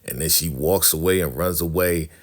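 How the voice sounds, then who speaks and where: A man casually recapping a TV drama episode, animated and storytelling, acting out the characters' lines. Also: very deep voice, normal speed.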